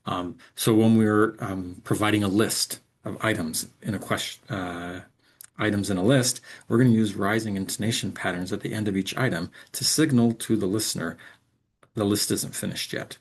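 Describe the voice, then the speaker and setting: A man's voice: fairly low pitch, moderate pace, slightly rough. A man giving a recorded lecture as an instructor, explaining with frequent ums and reading example sentences aloud.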